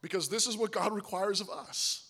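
A man preaching a sermon, emphatic, often asking "Right?", swinging from loud stresses to low, quiet asides. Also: moderate pace, slightly rough. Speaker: pastor.

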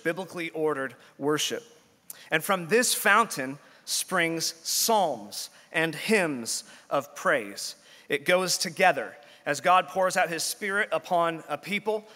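A man's voice: fairly high pitch, sharp tone. A man preaching a sermon as pastor in a church, earnest, with frequent restarts. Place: church sanctuary. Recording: long church-hall reverb.

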